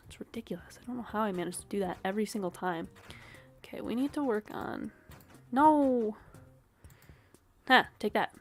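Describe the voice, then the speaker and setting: Young woman game streamer: rambling, wry, mid-pitched, muttered asides between chatter. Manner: wry, with frequent soft laughs and muttered asides. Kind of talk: casual gameplay commentary.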